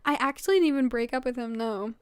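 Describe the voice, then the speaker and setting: Sleepy giggly young woman, high voice. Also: quick pace, a little hiss or hum. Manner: giggly, rambling, full of fillers. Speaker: vlogger reading fan fiction. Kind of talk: casual late-night reading aloud.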